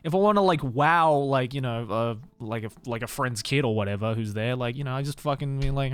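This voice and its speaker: Speaking at medium pitch with a clear, resonant tone, a young Australian man talks briskly and with few pauses to his live-stream viewers. His chat is loose and rambling, full of swearing and frequent laughter.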